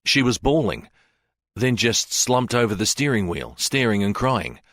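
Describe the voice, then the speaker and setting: A man reads a worried, protective detective with a low voice that rises and falls a lot, urgent and caring as he steadies a friend. The audiobook sound is dry and close. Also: big pitch swings, a little slow, fairly bright tone, no room sound, full character voice.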